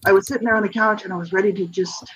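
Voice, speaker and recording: A middle-aged guest author giving a personal testimony in an interview, earnest and halting, with many restarts. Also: medium pitch, fairly even intonation, husky, low-quality recording.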